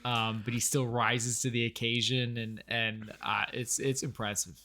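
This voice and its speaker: Bright-voiced man musing on films. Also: medium pitch, level tone. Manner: thinks aloud, agreeable, fills pauses with "um" and "uh". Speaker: podcast co-host. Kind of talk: casual film review chat.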